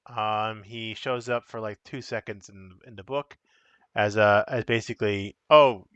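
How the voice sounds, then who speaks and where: A man's voice: on the low side, little pitch movement, unhurried, fairly bright tone, smooth, dry recording, highs cut off. A man casually chatting on a live stream as he shows and explains the cards of a solo card game, rambling and correcting himself as he goes.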